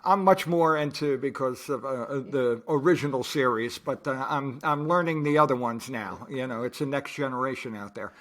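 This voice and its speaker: A man's voice: mid-range voice, moderate pace, hardly any pauses, fairly bright tone. Chatty man explaining with asides. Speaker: podcast co-host, parody band musician. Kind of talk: casual chat. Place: home studio.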